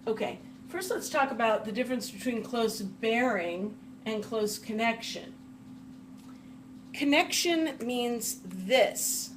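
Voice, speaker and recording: A woman's voice: on the high side, noisy background. A woman teacher giving a careful lecture on a text, reading passages aloud and breaking sentences down word by word. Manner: deliberate, spells out words one at a time while writing. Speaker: literature teacher.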